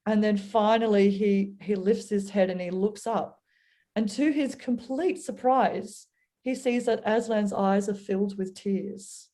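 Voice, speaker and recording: Woman guest, warm mellow tone, earnest storyteller sharing a reflection on faith. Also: medium pitch, fairly even intonation, unhurried. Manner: earnest, storytelling, acts out voices. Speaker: guest speaker.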